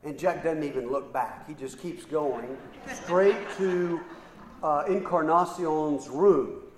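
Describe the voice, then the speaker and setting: A middle-aged man preaching a sermon, telling a story slowly with many repeated "and"s and pauses. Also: on the high side, a little hiss or hum. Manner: slow, halting storyteller with repeated ands and pauses. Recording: roomy hall with long reverb.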